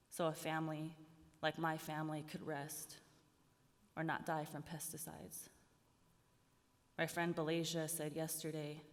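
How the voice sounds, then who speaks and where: A woman poet reads her work to a live audience, her slightly low voice carried by a long hall reverb. Her delivery is rhythmic and sardonic, pressing harder with each repeated line. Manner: rhythmic, building intensity, sardonic refrain. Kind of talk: poetry reading to a live audience.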